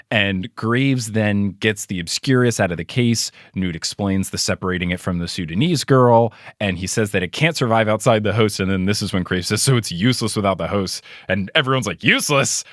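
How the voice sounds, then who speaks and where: A man hosting a podcast, chatting casually with lively swings in pitch and frequent laughter. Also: no room sound, clean studio sound. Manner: animated, laughing, does quick mock voices for quotes. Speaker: podcast host. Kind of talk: casual chat.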